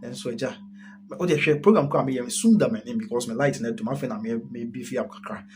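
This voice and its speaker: Brisk and a little mellow, this medium-pitched voice belongs to a chatty live stream host with a Ghanaian accent who mixes Twi and English while reading viewer comments and laughing often. A little hiss or hum is audible.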